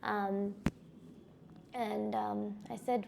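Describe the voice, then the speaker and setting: Woman, personal testimony, slightly high voice, gravelly fry, hesitant, reflective. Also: steady tone, a little slow, pauses often, a little mellow, a little hiss or hum. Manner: reflective and hesitant, full of "you know" and restarts. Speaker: survivor sharing her personal story.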